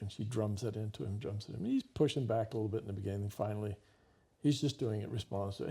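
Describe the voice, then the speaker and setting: A man's voice: lowish voice, fast talker, creaky, mellow, husky. A man hosting a talk show, telling a story in a vivid conversational way and acting out the dialogue.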